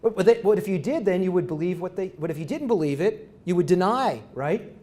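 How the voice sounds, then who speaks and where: High-voiced man giving a halting lecture. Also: lively intonation, dark tone. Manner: halting, many restarts and fillers, conversational; asks the audience rhetorical questions. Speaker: university professor, guest lecturer. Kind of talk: academic lecture.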